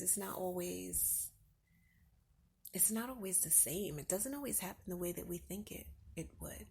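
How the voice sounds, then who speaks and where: A woman hosting a faith-based podcast, who speaks like a parent and tells everyday stories conversationally, sometimes dropping to a soft whisper for emphasis. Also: on the low side, vocal fry, slightly rough. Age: adult with children. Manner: uses everyday examples and asks the listener to picture them. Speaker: podcast host. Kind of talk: faith-based encouragement talk.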